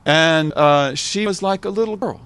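A man's voice: fairly high pitch, moderate pace, a bit bright, clear, resonant tone. Older man giving a reflective talk. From United States. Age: 70s. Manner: reflective, repeats phrases for emphasis. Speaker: guest speaker, scholar. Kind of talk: informal talk to an audience.

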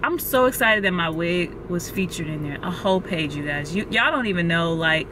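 A young woman vlogging from her car, gasping and exclaiming as she talks quickly and excitedly. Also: lowish voice, background noise. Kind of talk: excited casual vlog. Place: in a parked car. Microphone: phone camera held close.

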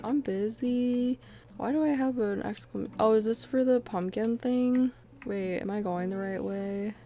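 A young woman giving casual, chatty gameplay commentary, easily startled and quick to make fun of herself. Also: mid-range voice, creaky, warm tone. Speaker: gaming video creator.

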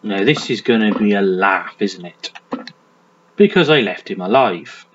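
A man's voice: lowish voice, animated, measured pace, slight background noise. A man giving crude, joking let's play commentary and talking to the game's character. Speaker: gaming commentator. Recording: dull lo-fi mic with game music. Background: game music.

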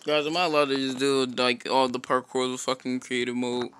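A man giving casual gameplay commentary, swearing constantly and breaking into loud frustrated outbursts. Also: medium pitch, flat delivery, fairly quick, a little hiss or hum, rough recording. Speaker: gamer and YouTuber.

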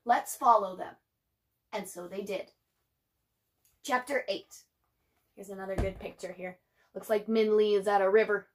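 A woman teacher reading a children's novel aloud to her class in an expressive way, adding chatty asides for her students. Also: mid-range voice, moderate pace, long pauses.

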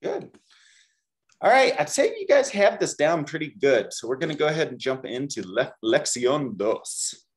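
A man's voice: on the high side, big pitch swings, moderate pace. A man teaching a beginner Spanish class, upbeat, leading the students in call-and-repeat drills. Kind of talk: classroom language lesson.

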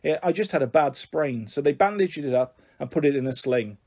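Man, children's book reading, gentle storyteller, slightly high voice, husky. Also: expressive, a little fast.

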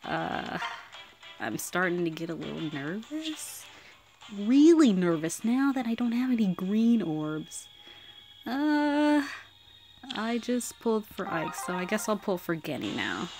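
A woman giving casual commentary while pulling characters in a mobile game, excitable and swearing freely, swinging from squeals to mutters. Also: medium pitch, takes it slowly, faint music behind. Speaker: mobile game summoning vlogger.

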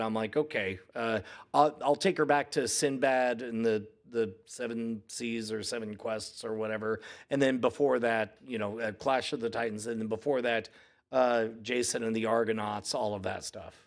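A man in his forties chatting casually on a podcast, rambling and acting out quotes in lively voices. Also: medium pitch, moderate pace. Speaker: podcast co-host. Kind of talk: casual chat.

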